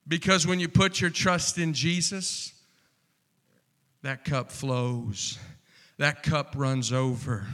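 A man preaching a sermon, slow and impassioned, building to fervent repeated refrains. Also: on the high side. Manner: impassioned, rising to near-shouting with repeated refrains.

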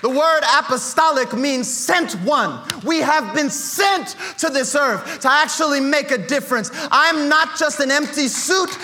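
Man, preacher, fervent sermon in church, bright forceful voice. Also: very high-pitched, a little slow, few pauses, slight background noise. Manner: fervent, shouting at times, acts out quotes. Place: church sanctuary.

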